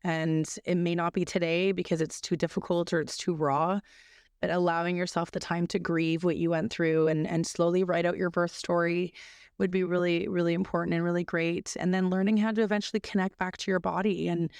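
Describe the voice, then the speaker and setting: A woman in her thirties telling a personal story as a podcast guest, earnest, with many restarts, and lively when she quotes other people. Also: on the low side, fairly quick, clean tone, dry recording.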